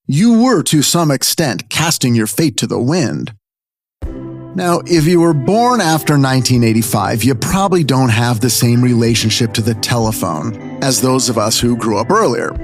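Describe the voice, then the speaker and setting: Animated middle-aged male podcast storyteller. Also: medium pitch, dry recording, studio quality. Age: 50s. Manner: animated, conversational, addresses listeners directly. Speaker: podcast host. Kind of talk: storytelling narration.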